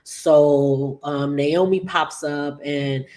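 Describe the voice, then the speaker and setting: Chatty woman rambling through a recap. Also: low-pitched. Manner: chatty, rambling, full of "like" and "just like"; slips into quick, animated paraphrased quotes. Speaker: soap opera recap vlogger. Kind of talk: casual episode recap.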